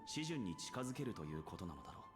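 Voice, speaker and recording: An actor voicing a scholarly male alchemist in a game, measured and explanatory. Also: fairly low pitch, big pitch swings, in a large hall, music in the background. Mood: explaining. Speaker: game character. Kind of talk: Japanese game voice acting.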